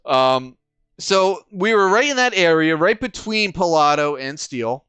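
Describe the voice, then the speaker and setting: A man's voice: on the high side, animated, a little slow, a bit bright, clear, resonant tone, dry recording. A man co-hosting a podcast, telling stories in casual chat, swearing now and then and restarting his sentences. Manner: storytelling, profane, many restarts. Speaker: podcast co-host.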